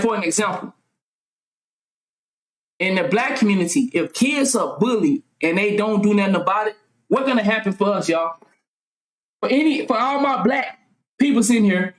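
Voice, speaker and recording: A woman vlogger delivering a fervent monologue full of rhetorical questions, at times yelling and swearing freely. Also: fairly high pitch. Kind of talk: impassioned monologue. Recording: roomy echo.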